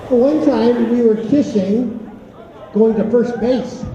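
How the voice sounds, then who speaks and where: A middle-aged man, a teacher, doing a stand-up routine of rapid one-liner jokes at a school talent show. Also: very high voice, a crowd in the background. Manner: rapid-fire one-liner joke telling. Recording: echoey, distant, lo-fi auditorium recording.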